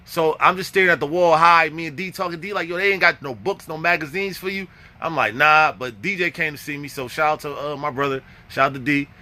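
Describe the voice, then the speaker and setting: A young man tells a rough, profane story in casual talk, acting out his own lines and roasting people bluntly. His voice sits a little high, and its tone is sharp and forceful throughout. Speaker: vlogger telling prison stories.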